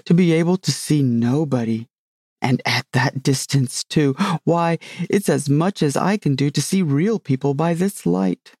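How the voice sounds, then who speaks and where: A man's voice: fairly high pitch, unhurried, darkish tone, no room sound, clean studio sound. A man voicing a fretful, impatient old king in a storybook reading. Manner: fretful, impatient, literal-minded.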